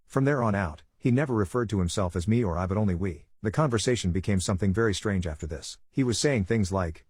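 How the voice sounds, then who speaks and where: A male narrator reads a first-person online story at a quick, steady clip. His voice sits somewhat low and sounds husky. The sound is dry and close. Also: no room sound.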